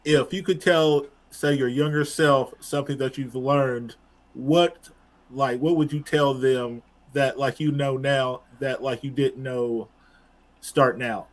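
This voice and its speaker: A man co-hosting a wrestling podcast, asking questions in a relaxed way with lots of fillers. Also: mid-range voice, slow pace. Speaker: podcast co-host. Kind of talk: casual podcast interview.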